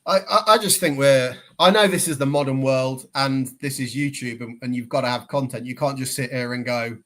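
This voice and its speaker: A man's voice: medium pitch, normal speed, a bit bright. A man on a football fan podcast, emphatic and argumentative, who stumbles over the first words of his points. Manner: emphatic, argumentative, stammers when starting. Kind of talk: casual fan chat.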